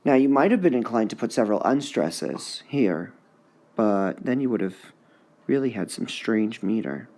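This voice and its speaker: A male high school English teacher giving a recorded lesson on poetic meter, repeating words to sound out their stresses. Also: sing-song, normal speed, a little mellow. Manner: sounds out syllables to mark the stresses.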